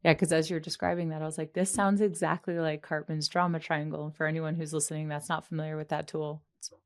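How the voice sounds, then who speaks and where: A woman's voice: sits low, little pitch movement, fast. A woman hosting an interview podcast, talking in a casual, reflective way and laughing easily. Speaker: podcast host.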